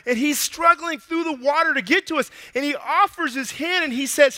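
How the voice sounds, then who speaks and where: A man preaching a casual, animated sermon to a young crowd, out of breath, acting out bits of dialogue in slang. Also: very high-pitched, normal speed, hardly any pauses, in a large hall.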